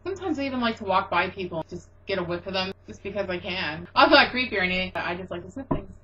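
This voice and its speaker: A woman's voice: mid-range voice, animated, quick pace, a bit bright, muffled recording. A woman co-hosting a comedy web show, chatting casually and rambling through jokey anecdotes.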